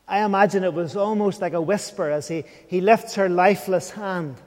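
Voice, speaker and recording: A man's voice: high voice, normal speed, a little mellow, long reverb tail. A man preaching an evening sermon, earnest and questioning, sometimes dropping to a near whisper.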